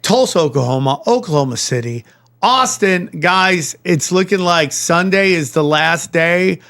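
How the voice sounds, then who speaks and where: A man's voice: high-pitched, expressive, a little slow, fairly bright tone. A man hosting a podcast in casual chat, joking and swearing as he plugs tour dates. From United States. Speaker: podcast host.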